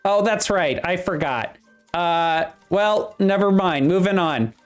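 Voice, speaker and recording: A game master voicing a chipper workshop supervisor at Santa's workshop, talking with a Midwestern accent in hurried tour-guide patter. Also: medium pitch, clear, resonant tone, soft background music, pitched above the performer's own voice, natural voice. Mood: upbeat. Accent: Midwestern American.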